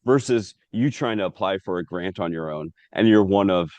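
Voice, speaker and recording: A man hosting a casual interview over a video call, explaining things in a relaxed way with some filler. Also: low voice, moderate pace, no room sound, muffled recording. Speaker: host.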